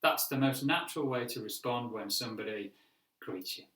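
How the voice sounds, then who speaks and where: British man teaching English, bright voice. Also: mid-range voice, roomy sound. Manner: clear, deliberate explanation with demonstrated greetings. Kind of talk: online English lesson.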